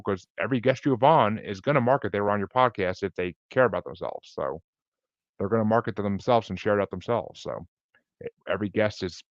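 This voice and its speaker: A man's voice: lowish voice, no echo, dull audio. A man talking as a podcast guest in a laid-back, chatty, rambling way over a video call. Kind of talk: casual interview chat.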